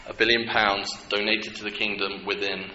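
A man preaching a sermon, animated and humorous, with asides to the congregation. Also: lowish voice, normal speed. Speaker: pastor. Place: church hall. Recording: echoey hall with dull lo-fi sound and clear noise.

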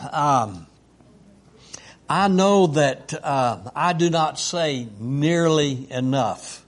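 Man talking slow and halting, lots of uhs, tender and plain. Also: a little high, expressive. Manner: halting, many fillers and restarts, tender. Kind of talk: casual chat at home.

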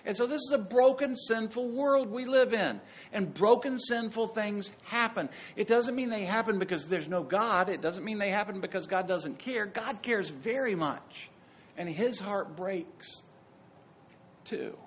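A man preaching a sermon, emphatic and swinging between loud passages and soft ones. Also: sits high, a little slow, dull audio, slight background noise. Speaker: pastor.

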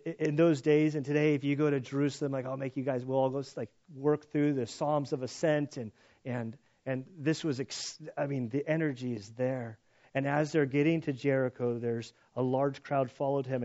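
A man's voice: a little high, a little mellow, lo-fi sound. A man teaching through a Bible passage in a casual, conversational way, acting out voices in the story as he goes. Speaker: pastor.

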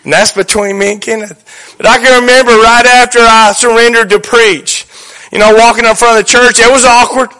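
A man preaches in a folksy, joking way, and he leans hard on his points. His voice sits high for a man and rings bright and forceful. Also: flat delivery, a little fast, clear, resonant tone. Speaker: pastor. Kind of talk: sermon.

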